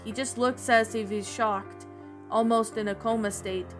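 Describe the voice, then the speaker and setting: A woman voicing a calm, grave male doctor with a British accent, speaking slowly. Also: on the high side, soft background music, close to an everyday voice.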